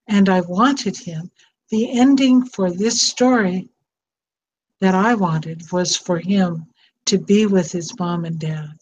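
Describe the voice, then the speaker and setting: Slow, earnest older woman. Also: mid-range voice, a little mellow, breathy edge, muffled recording. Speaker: speaker on estranged parents. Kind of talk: personal storytelling talk. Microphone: online call microphone with echo.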